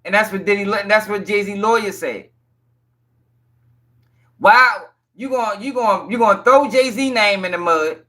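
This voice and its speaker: A man's voice: sits high, normal speed, long pauses, pushed and bright. A man doing casual livestream commentary. He reads court papers aloud and answers his chat in blunt, profane slang, often repeating himself in exasperation. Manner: talks to chat viewers directly.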